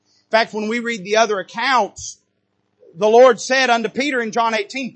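A man preaching a sermon from a church pulpit, moving between quiet asides and loud, rising bursts of passion. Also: high-pitched, animated, moderate pace. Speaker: pastor. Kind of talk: fiery sermon.

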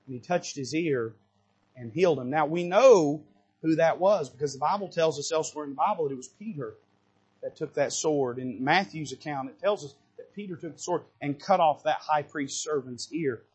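A man preaching a sermon from a church pulpit, moving between quiet asides and loud, rising bursts of passion. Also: on the high side, normal speed, slightly rough. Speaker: pastor. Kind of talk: fiery sermon.

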